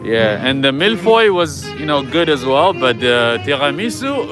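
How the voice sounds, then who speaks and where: A chatty man livestreams from an old-town street at night, talking into a handheld phone. He greets viewers and answers their comments in an easygoing way, at a mid-range pitch. Jazz plays clearly nearby. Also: very animated, moderate pace, hardly any pauses. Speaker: livestream host. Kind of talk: casual live walking-tour chat. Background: jazz music playing nearby.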